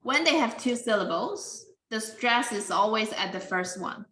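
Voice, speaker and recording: Slow, bright-voiced woman teaching English. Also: fairly high pitch, animated, echoey room, poor audio. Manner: careful, deliberate, with simple non-native grammar. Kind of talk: slow classroom explanation.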